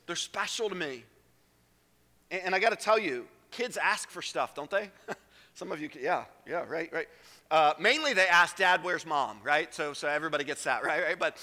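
A male pastor with a high, bright, forceful voice preaches an earnest sermon. He swings between hushed, low phrases and emphatic peaks. A long church-hall reverb trails each line. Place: church sanctuary.

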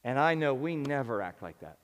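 A male pastor preaching a sermon in a relaxed, conversational way, asking his listeners questions. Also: medium pitch, fairly quick. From United States. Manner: conversational, asks the audience questions. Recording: long church reverb.

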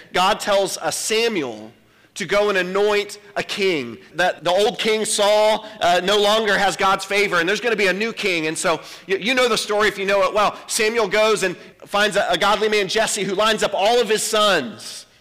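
A male pastor preaching a sermon, emphatic, slowing down to dwell on quoted scripture. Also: sits high, bright, forceful tone, in a large hall. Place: church sanctuary.

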